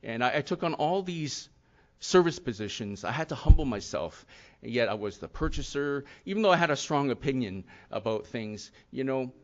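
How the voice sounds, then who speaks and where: A man's voice: medium pitch, lively intonation, moderate pace, a little mellow. A middle-aged man giving an earnest, rambling personal testimony at a recovery talk, full of "you know" and "and yet". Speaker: speaker sharing his recovery story. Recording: slightly dull lo-fi sound.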